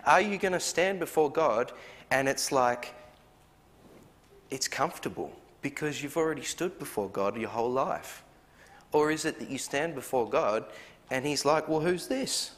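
An earnest man preaches to a congregation, pressing them with rhetorical questions. His voice sits at an ordinary middle pitch. A long hall reverb trails each phrase. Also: normal speed, a bit bright. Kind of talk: sermon.

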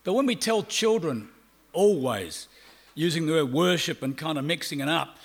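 A middle-aged man with an Australian accent preaching a sermon. He shifts between loud, drawn-out emphasis and quiet, fast asides. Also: fairly high pitch, lively intonation. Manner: acts out quoted people in brief voices.

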